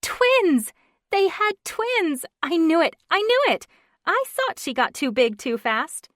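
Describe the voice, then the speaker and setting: A woman voicing an excitable young woman who exclaims in a shrill voice. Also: slow, dry recording, studio quality, heavily acted. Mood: thrilled.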